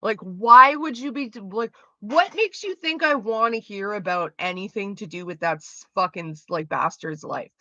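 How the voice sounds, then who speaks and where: A woman's voice: mid-range voice, expressive, normal speed, few pauses, sharp tone, no room sound. A woman hosting a casual livestream chat, talking bluntly and rambling, with heavy swearing. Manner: blunt, heavily profane, rambling. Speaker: livestream host. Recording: slightly muffled lo-fi audio.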